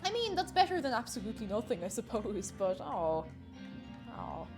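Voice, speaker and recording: A woman's voice: on the high side, very animated, moderate pace, over music. A woman with an Irish accent chatting casually with viewers while she cooks on a live stream. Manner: chatty, reads chat aloud and answers viewers.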